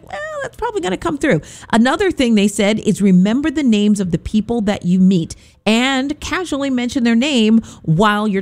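A woman hosting a radio show, chatting casually and upbeat between songs. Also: a little high. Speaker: radio host.

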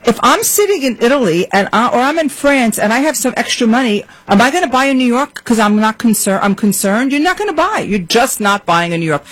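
Alarmed woman, forceful real estate guest. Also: medium pitch, no room sound, low-quality recording. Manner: forceful, alarmed, rapid lists. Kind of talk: panel discussion.

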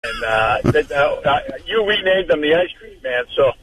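A man's voice: on the high side, expressive, normal speed, recorded from a distance, noisy background. A man calling into a radio show, passing along gossipy anecdotes with a chuckle. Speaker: caller. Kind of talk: call-in radio chat.

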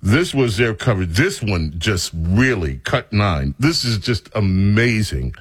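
Low-voiced radio talk show host. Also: male voice, unhurried, breathy edge, dry recording. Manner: animated, sardonic.

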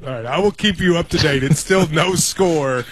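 A man's voice: fairly high pitch, moderate pace, husky. A man in his forties co-hosting a sports radio show, telling an enthusiastic, rambling fan story in casual banter. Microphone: studio microphone.

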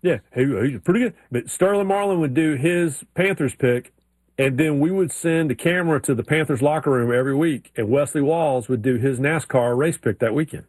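A man co-hosting a sports talk show, his voice sitting a little high and recorded very dry and close. He tells stories in a loose, animated way, slipping into drawled impressions. The chat stays casual throughout. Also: brisk, no echo. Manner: animated storyteller, mimics drawls in anecdotes. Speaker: sports radio co-host.

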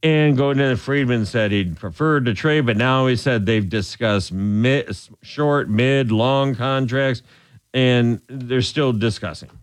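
A man hosting sports talk radio, opinionated and animated, often restarting his sentences. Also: mid-range voice, slow pace, no echo.

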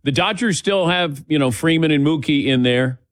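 A man's voice: fairly high pitch, moderate pace, no echo, studio quality. A man hosting a sports talk show, chatting casually and correcting himself as he goes. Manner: rambling, self-correcting. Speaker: radio talk show host.

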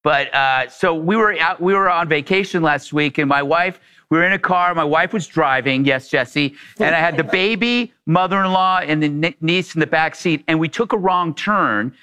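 A man hosting a casual talk show, reading fan mail and telling stories in an animated way. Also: fairly high pitch, moderate pace, hardly any pauses, smooth. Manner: animated, vivid storyteller. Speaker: host. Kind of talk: casual chat, storytelling.

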